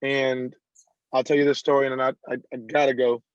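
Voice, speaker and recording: A man, a country singer guest on an interview podcast, telling stories lively and acting out the people he quotes. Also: medium pitch, a little fast, clear, resonant tone, no echo. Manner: animated storyteller who acts out quoted dialogue. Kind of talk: casual interview storytelling. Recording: dull lo-fi dry sound.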